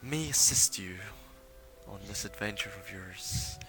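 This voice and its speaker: A man voicing a wary male drow merchant who stutters a little, then speaks with measured showmanship. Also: lowish voice, expressive, bright, forceful tone, faint music behind, rough recording. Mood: offering.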